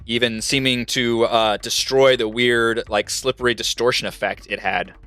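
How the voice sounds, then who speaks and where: A man's voice: medium pitch, fairly even intonation, moderate pace, sharp tone. A man narrating as the dungeon master of an online tabletop game, playful and laughing at his own slips. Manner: laughing, self-correcting, playful. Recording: dry mic with faint music.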